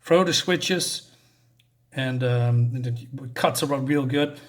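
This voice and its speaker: A man's voice: medium pitch, takes it slowly. Rambling man recapping a comic. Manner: rambling, many fillers and restarts. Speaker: comic reviewer. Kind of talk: casual comic book recap.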